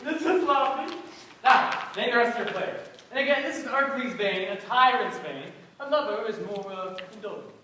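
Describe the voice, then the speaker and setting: A man playing a boastful, hammy weaver on stage, loud and showy, eager to play every part. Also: very high voice, animated, a little fast, background noise. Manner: loud, showy, swooping delivery. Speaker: stage actor. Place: theater stage. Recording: echoey stage from far off.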